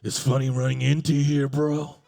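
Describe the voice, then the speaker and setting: A man voicing a clingy male stalker who keeps calling him bro, in a low drawl. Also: little pitch movement, brisk, vocal fry, warm tone, close to an everyday voice. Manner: drawling, says bro a lot.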